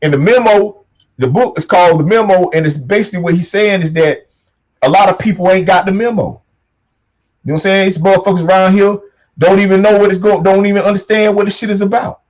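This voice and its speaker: A man hosting his own show, delivering a loose motivational monologue, swearing a lot and repeating catchphrases, punching key lines loudly. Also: high-pitched, fairly even intonation, fast, low-quality recording. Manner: preachy, swearing, repeats "you know what I'm saying", punches lines loudly. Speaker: show host.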